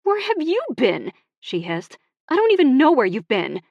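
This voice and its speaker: A woman narrator voicing an upset young woman, with lines pitched high and spoken emphatically. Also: very animated, moderate pace, no room sound, lo-fi sound. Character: young woman, upset and hurt, quick-tempered.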